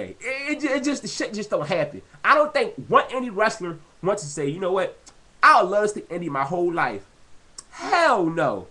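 A man's voice: sits high, big pitch swings, normal speed, bright, forceful tone. A man vlogging a heated, rambling rant, filling his talk with "you know" and repeating himself. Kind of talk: casual rant to camera.

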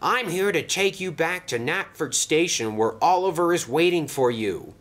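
A man voicing a brisk, helpful male crane engine in a toy train story. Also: fairly high pitch, expressive, a bit bright, voice pushed up.

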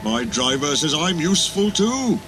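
A man's voice: fairly high pitch, sing-song, background noise, voice pushed up. A man voicing a sad, proud old traction engine. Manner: wistful, slow-paced reminiscing. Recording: music playing behind.

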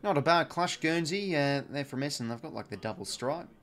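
A man's voice: fairly high pitch, a little fast. Chatty Australian man calling footy live. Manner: chatty, reads chat aloud, excited on goals. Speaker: live watch-along host. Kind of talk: casual play-by-play commentary and chat.

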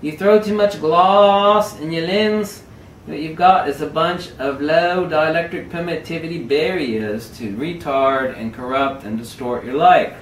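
A man's voice: on the high side, a little slow, slight background noise. Ranting man with a roomy, distant sound. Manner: animated, emphatic, sardonic ranting. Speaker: photography vlogger. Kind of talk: ranting camera-gear vlog. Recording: roomy echo, mic at a distance.

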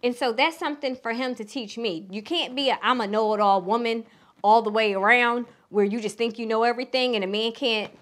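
A woman with a Philadelphia accent and a hint of Southern twang gives relationship advice in a casual vlog. Her voice sits a bit high for a woman. She talks frankly and bluntly, with the odd curse word. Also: brisk, a bit bright. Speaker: relationship coach.

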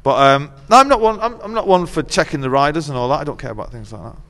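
A man's voice: a little high, animated, fast, fairly bright tone. A middle-aged man and musician, chatting as an interview guest, telling wry, laughing stories laced with swearing. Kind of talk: casual chat. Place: venue dressing room. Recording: long hall reverb.

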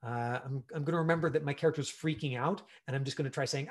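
A man teaching an online acting class, chatty and animated, full of fillers and acted-out examples. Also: a little high, racing, hardly any pauses. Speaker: acting coach.

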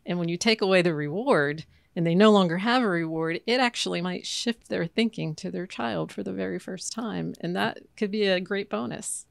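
A woman who is a counselor and guest on a podcast, explaining calmly. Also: fairly low pitch, moderate pace, gravelly, hardly any pauses, no room sound, clean studio sound. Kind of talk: interview.

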